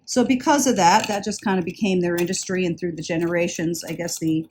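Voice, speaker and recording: A woman's voice: on the low side, steady tone, fairly quick, a little mellow, a little hiss or hum. A woman vlogging a casual haul video about jewelry she bought, chatty and enthusiastic, often repeating words for emphasis. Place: indoors, traveling.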